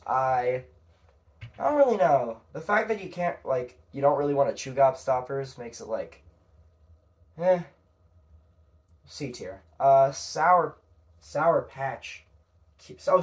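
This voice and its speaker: A young man talking casually on his own, rambling and hesitant, with frequent fillers and casual swearing. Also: mid-range voice. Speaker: podcast narrator. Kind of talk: casual solo commentary.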